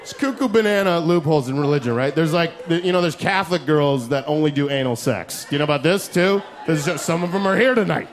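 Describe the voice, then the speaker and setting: A young man doing a crude, fast stand-up comedy set, yelling punchlines and laughing along. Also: on the high side, expressive. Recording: live club, loud crowd and noise.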